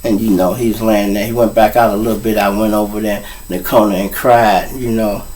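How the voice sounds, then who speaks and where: A man's voice: lowish voice, flat delivery, fairly quick, a little mellow, recorded from a distance, slight background noise, low-quality recording. A man from Chicago with a Chicago accent, hosting a show and telling street stories in a rambling, profane way that keeps turning to the listeners. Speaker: host. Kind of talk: street storytelling monologue.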